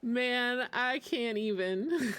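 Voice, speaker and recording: A woman's voice: fairly high pitch, extremely slow, fairly bright tone. A woman streaming a game and chatting casually in a rambling way, laughing often between asides. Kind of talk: casual chat while gaming.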